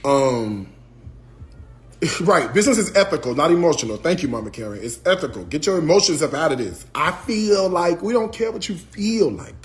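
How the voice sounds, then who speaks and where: A livestream host talks casually to his viewers at a normal pace, going over costs and scolding the chat in exasperation. His fairly high voice swings widely in pitch, and he speaks in Southern US vernacular, calling everyone "y'all" and "child."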